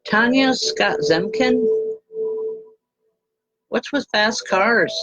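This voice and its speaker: A woman medium doing live spirit readings, her voice sitting fairly high. She talks gently and haltingly, often pausing to search for words and calling viewers by name. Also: animated, over loud music, rough recording.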